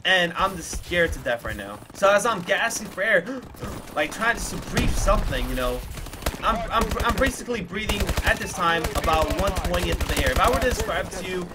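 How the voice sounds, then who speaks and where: A young man recounts a scary memory in an emotional, rambling vlog voice, full of fillers and curses. His voice sits a little high. Clear game gunfire and clicks run behind him. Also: animated, moderate pace, very noisy. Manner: casual, emotional retelling with swearing and repeated fillers. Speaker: gaming YouTuber.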